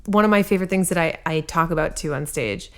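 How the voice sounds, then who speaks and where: A woman's voice: on the low side, fast talker. Foul-mouthed woman comic telling stories. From New England. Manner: swears freely, acts out her dad's lines with big laughs. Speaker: stand-up comedian, podcast guest. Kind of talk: casual podcast chat.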